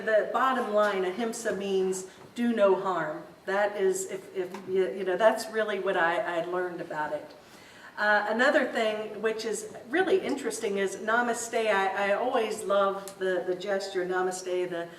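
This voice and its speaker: A woman giving an informal spiritual talk to a group in a meeting room, telling stories in a chatty way and laughing easily. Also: medium pitch. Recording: roomy echo, distant mic, faint hiss.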